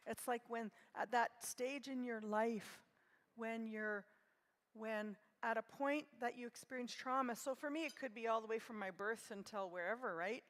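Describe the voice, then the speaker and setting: A woman in her sixties telling a personal story at a conference in a gentle, reflective way. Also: fairly high pitch, steady tone, moderate pace. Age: 60s. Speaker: conference speaker. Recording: long hall reverb.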